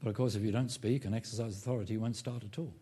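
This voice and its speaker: A man preaching a sermon as pastor, emphatic, rising loud on key phrases and dropping low to make a point. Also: fairly even intonation, racing, husky.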